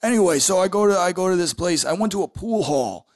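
A man's voice: high-pitched, expressive, fast talker, a little mellow. A man voicing a crass, boastful older male landlord in a comedy podcast, brash in his manner.

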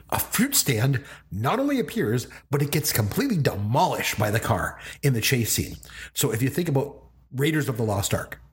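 A man co-hosting a movie podcast speaks in casual chat with a middle-pitched voice. His delivery is playful and lively, rising and falling freely and broken by frequent laughter. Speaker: podcast co-host.

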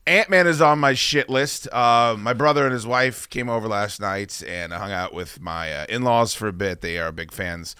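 A man co-hosting a podcast, telling stories in casual chat, profane and animated. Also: fairly low pitch, normal speed, few pauses, clean tone, no room sound, clean studio sound. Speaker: podcast co-host.

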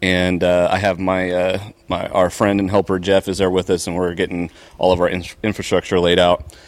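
A man's voice: low-pitched, monotone, normal speed. A man who runs a convention booth, telling a rambling story with fillers and restarts. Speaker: convention vendor. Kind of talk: casual storytelling. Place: convention hall.

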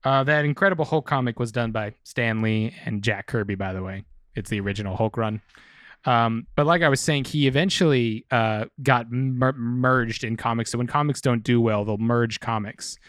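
A podcast co-host chats casually about comics, rambling and swearing a bit. His mid-range, fairly bright voice moves at a moderate pace, captured in studio quality with no room sound.

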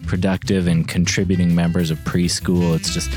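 A man voicing an earnest, anxious male coach at a school for babies in an improvised comedy sketch, who shifts into high frantic cries. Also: flat delivery, normal speed, music in the background, natural voice. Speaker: comedy podcast co-host.

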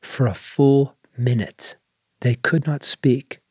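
Measured male storyteller, dry sound. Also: mid-range voice, fairly even intonation, darkish tone, slightly rough, no echo. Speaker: story reader. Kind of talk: scripted narration.

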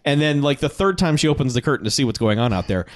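A man's voice: medium pitch, quick pace, no room sound, clean studio sound. A man chatting casually about a movie, laughing often and acting out lines from the characters. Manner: lively, laughing, acts out quoted characters. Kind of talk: casual movie recap chat.

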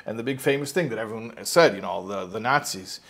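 A man gives an informal spoken lesson as a religious teacher, rambling through the story, restarting himself and acting out the quotes. His voice is lowish and a bit bright, and he talks quickly.

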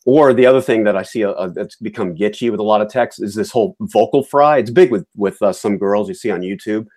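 Speaking quickly in a lowish, somewhat mellow voice, a male podcaster airs his views casually. His talk is chatty and opinionated, with lots of fillers and restarts.

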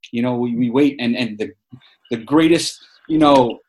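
A man's voice: medium pitch, normal speed. A man in his forties from New York, a guest telling stories in an interview, earnest and rambling with lots of fillers and restarts. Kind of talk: casual interview storytelling.

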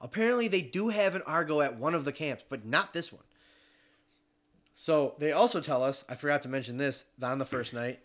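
A man's voice: on the high side, a little fast. Young man telling a hunting story. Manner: animated, swears freely, acts out voices. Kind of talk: casual storytelling chat.

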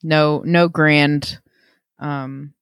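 A man's voice: on the high side, level tone, very slow, a bit bright, clean tone, no room sound, studio quality. A man co-hosting a podcast in casual chat, easygoing and joking, with plenty of fillers. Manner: easygoing, joking, lots of likes and ums. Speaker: podcast co-host.

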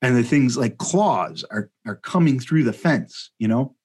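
Husky-voiced man telling a rambling story. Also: mid-range voice, a little slow. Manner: animated, rambling, laughs mid-sentence, many fillers. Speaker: podcast guest telling a story. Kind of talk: casual comedic storytelling.

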